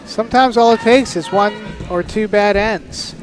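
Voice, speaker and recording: Man, high voice, teasing co-commentator on a curling stream. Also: unhurried, faint music behind, a faint crowd. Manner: dry, teasing humor. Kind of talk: casual live sports commentary.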